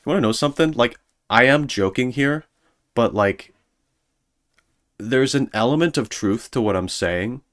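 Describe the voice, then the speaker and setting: A man streams as a VTuber in a mid-range voice, rambling sarcastically through a casual monologue. He mocks people by putting on silly voices.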